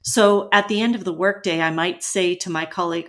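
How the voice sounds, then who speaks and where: A woman co-hosting an English-learning podcast, explaining pronunciation and vocabulary clearly and patiently. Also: on the low side, steady tone, a little fast. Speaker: English teacher co-host. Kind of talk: educational podcast chat.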